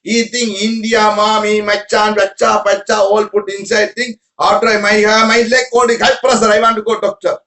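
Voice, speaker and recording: High-pitched guy giving a spiritual talk, choppy broken english, keeps asking the room questions, roomy echo. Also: level tone, moderate pace, hardly any pauses, sharp tone. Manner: broken English, repeats words, asks listeners questions. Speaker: spiritual teacher. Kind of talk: informal spiritual talk to followers.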